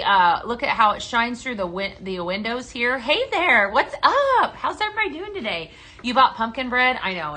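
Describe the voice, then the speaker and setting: A woman's voice: fairly high pitch, bright, forceful tone. A woman hosting a live-stream product demo, chatty and upbeat, often tagging her sentences with "right?" and greeting viewers by name. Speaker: live-stream sales host.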